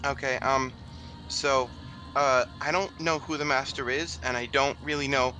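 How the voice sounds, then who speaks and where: A man's voice: mid-range voice, fairly even intonation, measured pace, bright, forceful tone, soft background music, rough recording. A man voicing a nervous, curious male rat who rambles and stammers. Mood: flustered.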